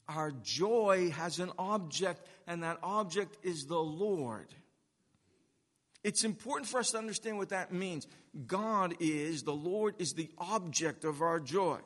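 A male pastor delivers a sermon in a high, bright voice, taking his time and hammering key words with repetition. His words ring out with a long reverb from a large church hall. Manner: deliberate preaching with emphatic repeated phrases.

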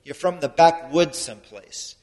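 A man preaching a sermon in an earnest, explanatory way, his loudness rising and falling for emphasis. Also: a little high, moderate pace. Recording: long hall reverb.

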